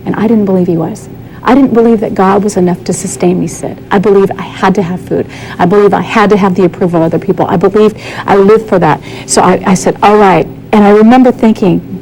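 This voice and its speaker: A woman's voice: mid-range voice, fast, darkish tone, a little hiss or hum, rough recording. A woman giving a candid, earnest personal testimony as a guest on a talk show, often acting out the dialogue she quotes.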